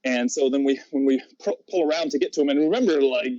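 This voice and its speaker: A man's voice: mid-range voice, fast talker, warm tone, no room sound. A man guesting on a podcast, telling a long story in a rambling way, laughing often and restarting his sentences. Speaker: guest, pro wrestler. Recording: slightly muffled audio.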